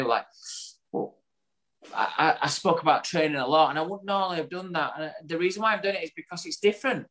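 Upbeat podcast co-host. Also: male voice, on the high side, fairly bright tone. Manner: chatty, upbeat, wraps up with a summary. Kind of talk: casual podcast chat.

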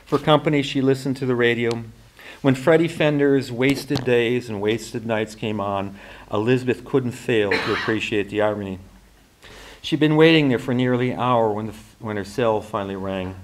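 Man giving a measured fiction reading. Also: medium pitch, slight background noise. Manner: measured, restarts now and then. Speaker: author and faculty member.

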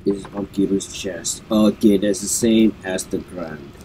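A man's voice: low voice, unhurried, mellow, a little hiss or hum. A man who keeps sneezing, narrating his gameplay in casual commentary for his viewers. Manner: sneezes often, apologizes, talks to the viewers. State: sneezy, congested. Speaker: gameplay video host.

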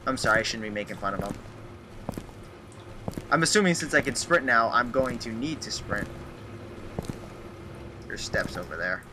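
A man's voice: mid-range voice, lively intonation, moderate pace, long pauses. A young man commenting on a horror game as he plays, jumpy and mocking himself as he talks to himself. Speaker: gaming YouTuber. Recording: noisy home recording with clicks.

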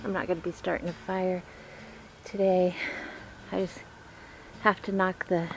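A woman's voice: lowish voice, flat delivery, unhurried, vocal fry. Breathless woman vlogging in snow. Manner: chatty, talks to herself, laughs often. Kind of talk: casual outdoor vlog. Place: snowy woods outdoors. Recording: noisy outdoor recording.

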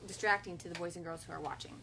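A young woman teaching an online kindergarten lesson at home, patient and instructive, slowly modeling phrases for children to repeat. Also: lowish voice, steady tone, very noisy. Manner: patient, instructive, frequent gentle redirections; slow, sing-song modeling of phrases for repetition. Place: home, filmed for online class.

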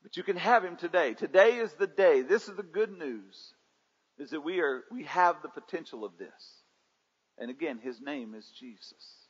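A man's voice: a little high, expressive, normal speed, husky. A pastor preaching a sermon, calling on his congregation to answer him back and rising and falling in intensity. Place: church sanctuary. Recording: dull livestream audio in a reverberant sanctuary.

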